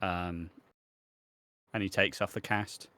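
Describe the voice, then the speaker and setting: A man's voice: low voice, steady tone, takes it slowly, bright, forceful tone, dry recording. A man co-hosting a casual wrestling podcast, laid-back, swearing freely and trailing off with ums. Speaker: podcast co-host. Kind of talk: casual chat about wrestling.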